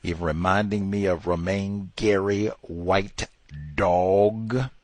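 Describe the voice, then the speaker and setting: A man's voice: low-pitched, steady tone, slow pace, a little mellow, no room sound. A man hosting a podcast, delivering emphatic commentary and mimicking the people he quotes. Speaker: podcast host. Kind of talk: commentary monologue.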